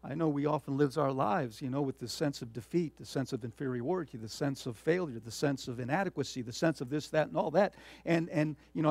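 A man delivers an expository sermon in a slightly high, gravelly voice. He stumbles over fillers and restarts, then drives key words home with sudden loud emphasis before sinking into quiet asides. The sound is close and dry. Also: no echo. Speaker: pastor.

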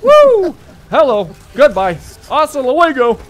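A man hosting a gaming channel, giving excitable let's play commentary full of yelps and laughter. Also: high-pitched, measured pace.

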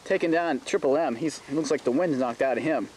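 Give me a man doing gasping, excited wrestling commentary, recorded outdoors on a noisy camcorder mic. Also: on the high side, brisk. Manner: excitable, frequent gasps of "oh".

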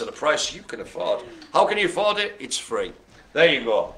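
A man's voice: on the high side, very animated, moderate pace, a bit bright. A man hosting a live online bingo show, cracking puns and making silly noises between calls. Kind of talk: jokey live bingo calling.

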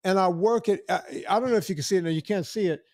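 A man's voice: high-pitched, quick pace, darkish tone, dry recording, studio quality. A man in his sixties hosting a podcast, rambling in casual chat with many restarts and acted-out quotes. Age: 60s. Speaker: podcast host.

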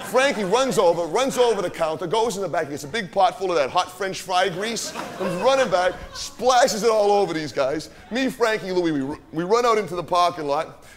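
A man's voice: high-pitched, background noise. A man performing a swaggering, profane streetwise young guy on a live stage, telling a rowdy party story and forever asking "right?". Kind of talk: live stage character monologue. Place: theater stage.

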